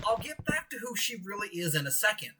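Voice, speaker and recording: A man's voice: high voice, very animated, quick pace, sharp tone. A young man from Canada casually telling work stories as a podcast co-host, rambling with many fillers and bursts of animation. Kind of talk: casual storytelling over gameplay. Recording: distant mic with clear background noise.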